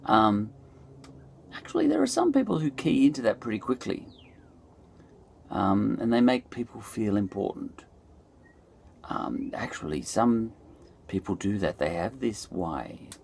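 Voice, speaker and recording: A man's voice: lowish voice, gravelly, darkish tone, a little hiss or hum. A middle-aged Australian man musing aloud in a loose, digressive monologue, full of fillers and restarts. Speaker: podcast host. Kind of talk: rambling reflective monologue.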